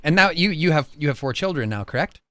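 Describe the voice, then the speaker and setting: A man's voice: fairly high pitch, expressive, fast, sharp tone, no echo, studio quality. A man hosting a podcast, telling stories animatedly and emotionally, casually swearing. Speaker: podcast host. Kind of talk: casual interview chat.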